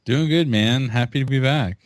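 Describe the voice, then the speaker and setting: A man's voice: medium pitch, moderate pace, dry recording. A man from Canada, a guest podcast host, chatting in a laid-back, joking way. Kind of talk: casual podcast chat.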